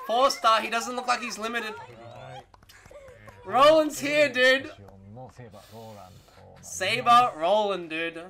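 A young man streaming his reaction, shouting, laughing and swearing with excitement, hoarse from yelling. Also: very high-pitched, slow, long pauses, slight background noise. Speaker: streamer reacting to a game trailer.

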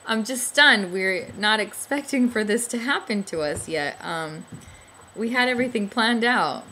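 A woman's voice: medium pitch, lively intonation, measured pace, bright, forceful tone, a little hiss or hum. A young adult woman telling a personal story to camera in a rambling, chatty way, with lots of fillers and small laughs. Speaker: vlogger.

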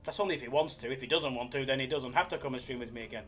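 A man's voice: medium pitch, racing, a bit bright, soft background music. A young man hosting a casual live stream, joking and reading out viewers' messages. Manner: jokey, chatty, reads chat aloud. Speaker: slots live streamer, host.

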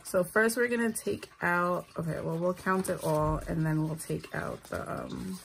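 A woman's voice: on the low side, steady tone, measured pace, gravelly, slight background noise. A tired woman, talking casually while counting out cash for her budget and making self-deprecating asides. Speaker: budgeting vlogger, single mother.

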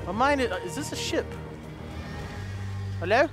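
A man giving excitable let's play commentary, with loud outbursts and giggly laughter. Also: very high-pitched, moderate pace, over music. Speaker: gaming YouTuber.

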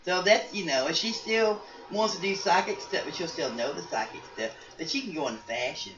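A woman's voice: fairly low pitch, animated, a little fast, fairly bright tone. A woman voicing a chatty psychic grandmother in a life-sim game story, rambling and folksy with many restarts. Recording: roomy, distant, dull sound with faint noise.

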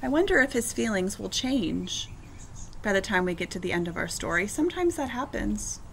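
A woman teacher reading a picture book aloud to children in her backyard, with slow, expressive storytelling and asides to her listeners. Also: medium pitch, gravelly, a little hiss or hum. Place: backyard outdoors.

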